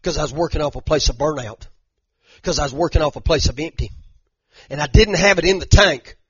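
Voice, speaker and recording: A man's voice: fairly high pitch, a little fast, slightly rough, no echo. A man preaching a sermon, retelling stories dramatically with many repeated words. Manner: animated, dramatic retelling, frequent repeated "and"s, southern "y'all". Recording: dull lo-fi sound.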